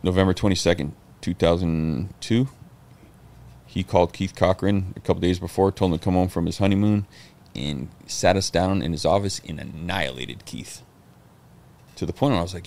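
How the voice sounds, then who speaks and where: Low gravelly man telling stories. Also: normal speed. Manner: animated, swearing, acts out quotes. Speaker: podcast guest. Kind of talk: casual storytelling interview.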